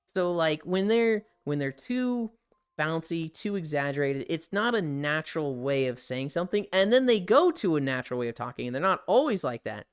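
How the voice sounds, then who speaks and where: A man's voice: on the high side, very animated, normal speed, clean tone, faint music behind. A man chatting candidly on a live stream, swearing freely and laughing often. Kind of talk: casual live-stream chat.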